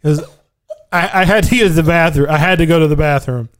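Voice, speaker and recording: Podcast host, male, high smooth voice, rambling storyteller who swears and laughs. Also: a little fast. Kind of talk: casual storytelling chat.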